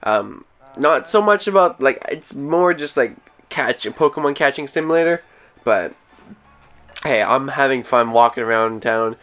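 A man narrates a laid-back voice-over for his video. He rambles and restarts his sentences as he talks. His pitch sits in an ordinary middle range. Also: lively intonation, measured pace, fairly bright tone. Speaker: vlogger. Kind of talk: casual voice-over outro.

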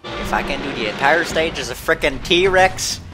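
A young man giving jokey, excitable commentary while playing a video game. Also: on the high side, normal speed. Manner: excitable, jokey, yelps and laughs. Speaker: let's play gamer. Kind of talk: casual gameplay commentary. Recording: game music loud under the voice.

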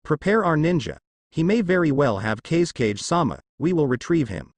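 A man's voice: fairly high pitch, big pitch swings, fairly quick, no echo. A man voicing a stern, hostile male ninja commander who snaps and speaks with scorn, in a story reading. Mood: scornful. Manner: scornful, snapping.

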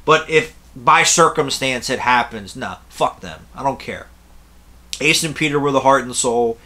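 A man's voice: medium pitch, a little slow, pushed and bright. A young man telling a rambling, blunt story to camera in a casual way, swearing freely. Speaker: concert reviewer.

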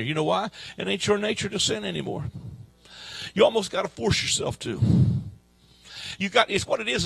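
A man preaching a fervent sermon at a church service, swinging from shouts to quiet asides in folksy grammar. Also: high voice, vocal fry, breathy edge, dry recording. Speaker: guest preacher.

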